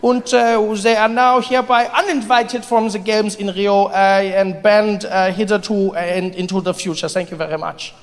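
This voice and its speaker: Guy doing a stuffy official announcing stuff, pompous and halting, big hall echo. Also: high-pitched, fairly even intonation. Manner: pompous, formal. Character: stiff official making a formal announcement. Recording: live stage, long hall reverb, faint noise.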